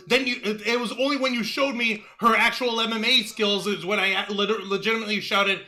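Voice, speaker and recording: Very bright, excitable man co-hosting. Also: sits high, rough recording. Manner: excitable, profane, quick to shout and laugh. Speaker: wrestling review co-host. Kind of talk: casual podcast chat.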